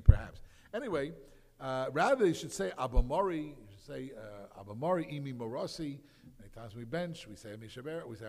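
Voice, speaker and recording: Fast-talking man lecturing in a reverberant hall. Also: medium pitch. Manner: animated, acts out quoted voices, many fillers. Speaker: rabbi teaching a class. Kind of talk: Torah lecture.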